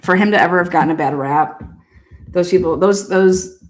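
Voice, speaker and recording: A woman with a slightly low voice tells loose, rambling stories in a casual way. She swears freely, trails off and restarts, and breaks into laughter often. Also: moderate pace. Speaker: host. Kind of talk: casual storytelling.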